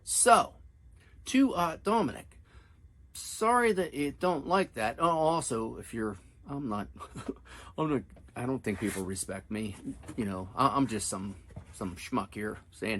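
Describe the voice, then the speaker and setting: A middle-aged man with a husky edge to his voice talks casually to camera, his pitch swinging up and down a lot. He rambles in a friendly, self-deprecating way, as if chatting with a friend in his downstairs room at home. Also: expressive, unhurried, fairly bright tone. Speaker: pipe-smoking channel host.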